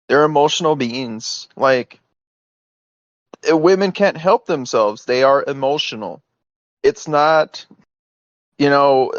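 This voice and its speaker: On a heated private voice call, a man with a medium-pitched voice sounds insistent and exasperated, constantly saying "like" and "you know." The audio is dull and lo-fi, with no echo.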